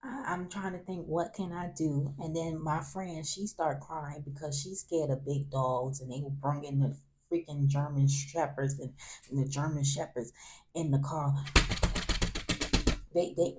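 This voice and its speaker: A man hosting a vlog, telling a college story in a casual, animated way, often laughing and acting out what others said. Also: on the high side, measured pace, slight background noise. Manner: animated, acts out other people's lines in raised voices. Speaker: vlog host.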